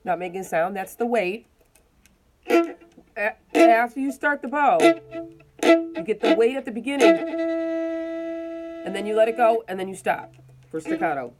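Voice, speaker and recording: A woman teaching a violin lesson, calmly explaining bowing technique step by step while demonstrating. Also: a little high, measured pace, long pauses, over loud music. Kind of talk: casual instructional explanation.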